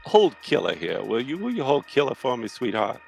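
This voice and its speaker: A man's voice: mid-range voice, sing-song, fairly quick, gravelly, breathy edge, faint music behind, exaggerated voice. A man voicing a friendly, genteel Southern belle lady with a drawling, polite Southern US accent.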